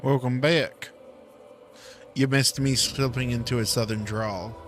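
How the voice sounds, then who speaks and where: A man's voice: mid-range voice, fairly even intonation, unhurried, faint music behind. A man streaming a game, reading its lore text aloud and joking about his own slips. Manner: reads in-game text aloud, stumbles and jokes at himself.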